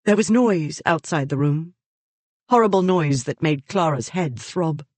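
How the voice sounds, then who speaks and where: Audiobook narrator, measured, even, mid pitch, dry close sound. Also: no room sound. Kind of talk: scripted narration.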